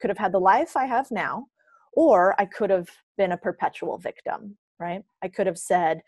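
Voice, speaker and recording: A young woman telling an animated story in a podcast interview, acting out the people she quotes. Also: mid-range voice, moderate pace, dry recording. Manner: animated, acts out quoted dialogue. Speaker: guest.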